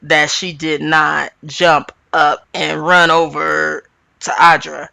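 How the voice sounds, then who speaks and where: A woman host delivers a casual, opinionated reality show recap at a measured pace, her gravelly voice animated and ranting with sudden upward pitch jumps. There's no echo.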